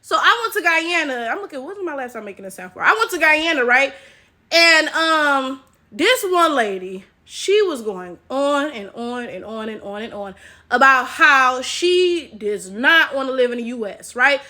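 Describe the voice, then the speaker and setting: An American woman recording a casual commentary vlog at her laptop, talking in an animated way and tagging "right?" onto her points. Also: sits high, moderate pace. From United States. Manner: animated, keeps asking "right?" to the viewers. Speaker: commentary vlogger.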